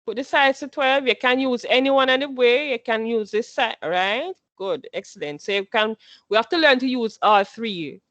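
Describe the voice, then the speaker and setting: A woman teaching a computer class in a patient, step-by-step way, repeating each instruction and quizzing her students. Her voice is a little high, and the recording sounds dull and dry. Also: lively intonation, normal speed, a bit bright, dry recording.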